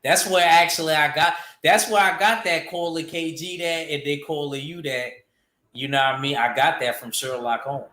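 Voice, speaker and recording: A man's voice: fairly high pitch, fairly even intonation, moderate pace, pushed and bright, reverberant. A man hosting a casual boxing livestream, rambling loosely and answering his chat. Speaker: boxing show host reading chat.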